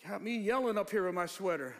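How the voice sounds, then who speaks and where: A pastor preaching a sermon, swinging from low, quiet asides to shouted, rising lines. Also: male voice, animated, fast. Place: church hall. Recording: long reverb of a large hall.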